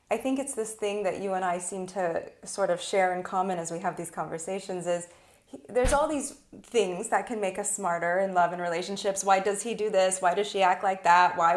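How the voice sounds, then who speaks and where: A woman hosting a podcast, speaking earnestly and gently listing what matters. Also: on the low side. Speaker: podcast host. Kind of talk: reflective conversation.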